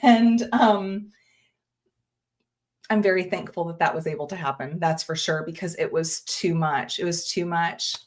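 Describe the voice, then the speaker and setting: A woman's voice: fairly low pitch, unhurried. A woman hosting a live jewelry-making stream, chatting casually, reading viewer comments aloud and greeting viewers by name. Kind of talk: casual livestream chat with viewers.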